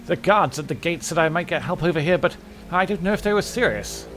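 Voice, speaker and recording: A man's voice: on the high side, animated, brisk, fairly bright tone, faint music behind, voice pushed up. A man voicing a frightened young woman from a video game town, stammering and pleading for help.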